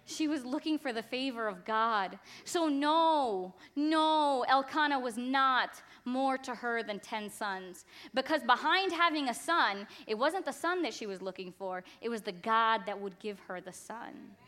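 A woman's voice: fairly high pitch, expressive, measured pace, few pauses, fairly bright tone. A woman preacher giving a passionate sermon, emphatic and fond of repetition.

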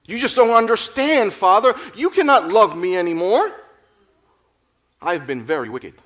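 A man's voice: mid-range voice, a little fast, natural voice. A man voicing a remorseful young girl who pleads through her tears. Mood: distraught. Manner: pleading, tearful.

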